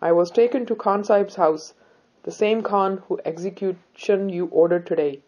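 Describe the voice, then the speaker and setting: A woman voicing a calm, defiant young heroine. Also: mid-range voice, moderate pace, dull audio, close to an everyday voice. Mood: resolute. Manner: calm, polite, firm.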